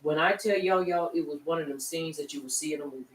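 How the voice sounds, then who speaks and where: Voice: mid-range voice, fast talker, a bit bright, slight background noise. A teacher preaching a Shabbat class to a congregation, talking in a loose conversational way with rhetorical questions that draw answers from the room. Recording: echoey room, distant mic, faint ambience.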